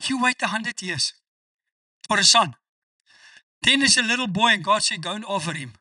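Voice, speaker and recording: High, lively-voiced preaching pastor. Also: male voice, no room sound, far from the mic. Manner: emphatic preaching, quotes scripture with slow stressed delivery. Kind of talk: sermon.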